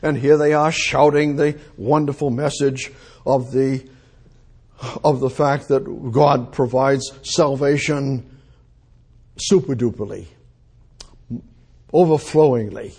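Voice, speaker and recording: A man's voice: mid-range voice, steady tone, takes it slowly, long pauses, a little mellow, slightly rough. A man preaching a sermon in an emphatic way, repeating his phrases and breaking into exclamations.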